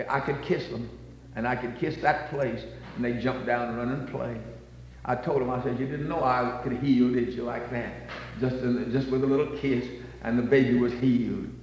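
A man's voice: medium pitch, highs cut off. Fervent preacher man in an echoing hall. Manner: fervent, rising to near-shouts on emphasis. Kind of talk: sermon. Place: church.

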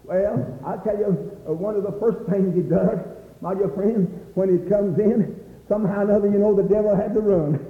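A man preaching a fervent revival sermon, crying out praise, repeating "my dear friend," and rising into shouts. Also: sits high, fairly even intonation. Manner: rises into shouts and slows for emphasis. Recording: dull, echoey hall recording.

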